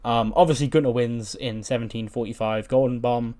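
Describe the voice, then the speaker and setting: The speaker is a man who hosts a game channel, with a mellow, mid-range voice, fairly even intonation, and a slightly quick pace. He offers casual let's-play commentary recapping a wrestling sim game, with plenty of fillers and swearing.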